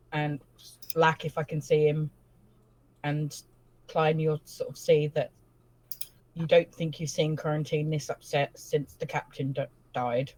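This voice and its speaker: A woman's voice: sits low, darkish tone, rough recording. A woman playing a tabletop game, describing her character's actions in third person and reading out rules. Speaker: player.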